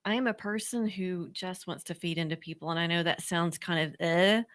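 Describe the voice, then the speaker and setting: A woman's voice: lowish voice, a little fast. A woman guesting on a radio show, speaking earnestly and from the heart. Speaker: podcast co-host, guest. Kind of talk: casual interview chat.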